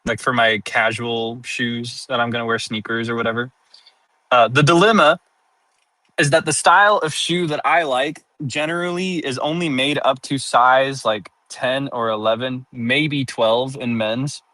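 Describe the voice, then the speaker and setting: A man's voice: mid-range voice, a little slow, sharp tone, no room sound, low-quality recording. A sleepy man streaming casual chat to his viewers, giggling often between sentences and turning playfully dramatic.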